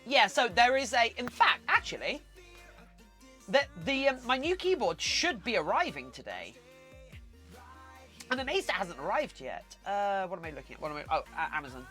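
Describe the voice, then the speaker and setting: Woman, bright lively voice, swooping pitch, chatty and scattered, silly sung bits, faint music behind. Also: normal speed. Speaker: fursuit maker streaming her work. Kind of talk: casual livestream chat, reading chat aloud.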